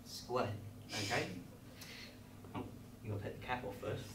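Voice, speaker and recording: A man's voice: mid-range voice, moderate pace, gravelly, noisy background, pitched below the performer's own voice, lightly acted. An English man in a live improv comedy scene, playing a bumbling host of a children's craft show who rambles in a mock-instructive, falsely reassuring way. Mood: chirpy instructional. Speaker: improv performer. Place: small comedy venue stage. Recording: roomy distant mic, live audience laughter.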